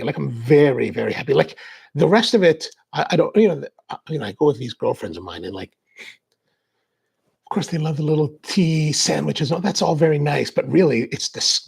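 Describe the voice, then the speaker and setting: A man hosts a relaxed coffee livestream and chats his way through viewer comments. His voice sits a touch higher than most men's and has a gravelly, husky edge. He talks in a loose, rambling way, full of "like". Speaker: coffee show host. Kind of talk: casual livestream chat answering viewer comments.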